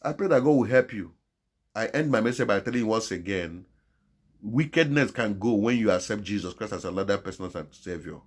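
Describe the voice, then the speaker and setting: A man's voice: lively intonation, brisk. A man with a Nigerian Igbo accent delivering a moralizing monologue on his channel, mixing Igbo and English, impassioned and pleading by turns. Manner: impassioned and moralizing, swinging between loud exhortation and low pleading. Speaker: channel host.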